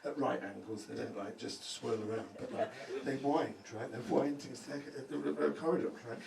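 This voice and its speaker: A man's voice: medium pitch, normal speed, gravelly, roomy sound. A male stand-up comedian doing a swearing crowd-work set, tagging lines with "right?" before a laughing audience. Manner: loud, swearing, crowd-work banter with many "right?" tags. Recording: distant mic, audible room ambience.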